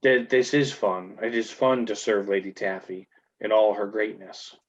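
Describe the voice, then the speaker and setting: A man's voice: on the low side, moderate pace, natural voice. A man voicing a devoted gingerbread man servant who stammers and turns defensive. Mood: nervous. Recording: muffled lo-fi recording.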